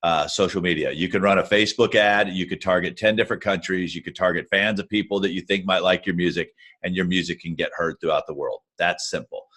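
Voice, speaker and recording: This is a man with a low voice who is a guest on a Q&A call. His advice comes out blunt and matter-of-fact, and he talks straight to listeners over a video call. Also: steady tone, fast talker, hardly any pauses, a bit bright, breathy edge. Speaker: guest music-industry adviser. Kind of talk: casual advice in a Q&A.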